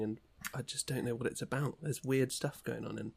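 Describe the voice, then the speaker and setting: A man co-hosting a podcast in casual chat, relaxed, teasing and full of questions. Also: medium pitch, a little fast, gravelly, breathy edge. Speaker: podcast co-host.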